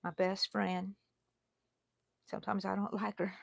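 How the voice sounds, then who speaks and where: A woman's voice: mid-range voice, level tone, slow, gravelly, pauses often, husky, no echo. Middle-aged woman host, rambling chatty livestream talk while crocheting, dry close sound. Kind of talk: casual chat during a livestream.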